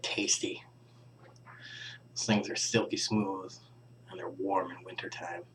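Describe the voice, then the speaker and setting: A young vlogger rambles casually to camera in a low, slow voice that barely shifts in pitch and sounds a bit bright over a faint hiss or hum. He mumbles, often trails off into near-whispers, and sighs and laughs along the way.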